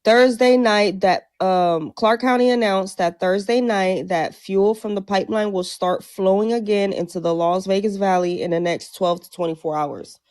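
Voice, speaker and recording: A woman hosting a live audio chat room, brash, profane and joking, her voice rough and low from just waking up. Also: fairly even intonation, normal speed, few pauses, a little mellow, no room sound, clean studio sound. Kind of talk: casual chat.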